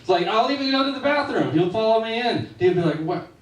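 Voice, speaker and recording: A man's voice: sits high, animated, quick pace, recorded from a distance. A male stand-up comedian performing a set on a club stage, with a casual storytelling delivery. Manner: conversational, storytelling. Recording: echoey club room, slightly off-mic.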